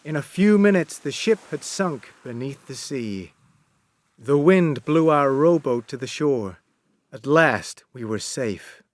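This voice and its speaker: A man reading a story aloud as narrator, slow and deliberate with expressive delivery. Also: mid-range voice, dry recording.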